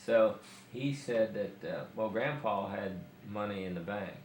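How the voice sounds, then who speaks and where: A man interviews a relative about family history, pausing often as he shapes his questions. His voice is on the low side. The room is echoey with a faint hiss. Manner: hesitant, many fillers while framing questions.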